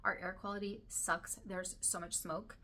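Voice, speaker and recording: A woman chatting casually to camera about books she loves, gushing and sometimes dropping to a soft whisper, her throat dry and irritated. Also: fairly low pitch, level tone, normal speed, slight background noise. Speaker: book vlogger.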